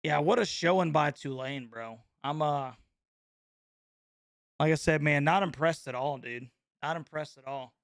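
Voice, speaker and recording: A man, hosting a casual live-stream reaction chat in an excitable, slangy way, laughing often and calling everyone bro. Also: on the high side, measured pace, long pauses, dry recording, studio quality. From North Carolina.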